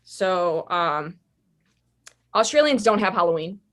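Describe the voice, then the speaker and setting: A woman's voice: fairly low pitch, animated, slow pace, a bit bright. Chatty young woman telling stories. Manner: chatty, rambling, many fillers. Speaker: podcast guest. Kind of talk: casual storytelling.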